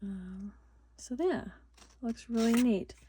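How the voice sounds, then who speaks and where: A woman's voice: a little high, slow, warm tone, a little hiss or hum. A woman hosting a casual craft tutorial, chatty and rambling, full of fillers and restarts, recorded on a phone.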